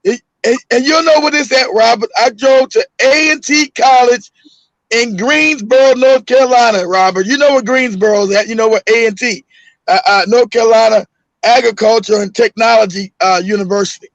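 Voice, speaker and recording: Man, middle-aged, casual storytelling, animated, laughing, gravelly, dry close sound. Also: very high-pitched, moderate pace, dry recording, poor audio. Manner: animated, laughing often, swearing, raises his voice for punchlines. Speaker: host.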